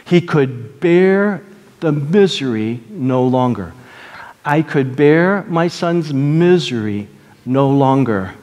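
A man preaching a sermon as pastor, moving between loud, emphatic points and quiet, earnest prayer. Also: mid-range voice, expressive, slow pace, lo-fi sound. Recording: long reverb of a large hall.

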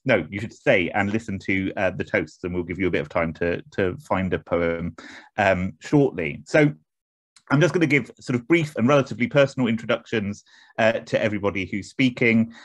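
English male host on a video call, fairly low voice, halting and self-deprecating. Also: no echo. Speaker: host of an online academic event. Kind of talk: informal introductions on a video call. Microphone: computer mic on a video call.

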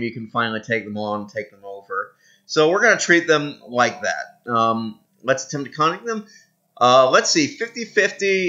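A man's voice: medium pitch, bright, forceful tone, muffled recording. A man giving casual, rambling commentary on a strategy game, self-mocking, with lots of fillers. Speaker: gaming video host.

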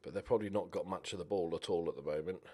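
A young man giving chatty, animated commentary while playing a game, cheering on his players. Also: sits low, rapid-fire, husky. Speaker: gaming YouTuber. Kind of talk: casual let's-play commentary.

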